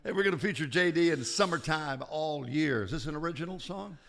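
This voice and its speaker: A man hosting a live radio show, introducing his guest and asking him questions in a relaxed, joking way. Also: a little high, brisk, creaky, long reverb tail. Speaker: radio host.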